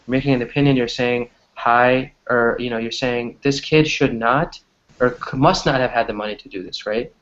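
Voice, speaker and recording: A man's voice: medium pitch, fairly even intonation, moderate pace, fairly bright tone. A man teaching an online English class, chatty and always checking in with "right?". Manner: chatty, keeps asking "right?". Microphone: video call. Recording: dull lo-fi video-call audio.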